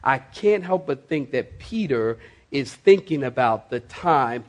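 A male pastor, preaching a sermon to his congregation with emphatic, slowly stressed words. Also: medium pitch, lively intonation. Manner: emphatic, dramatic slow stresses, addresses the congregation. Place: church before a congregation.

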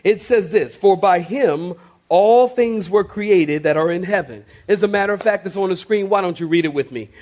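High-voiced pastor preaching emphatically. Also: male voice, darkish tone. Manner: emphatic, dramatic slow stresses, addresses the congregation. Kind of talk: sermon. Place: church before a congregation.

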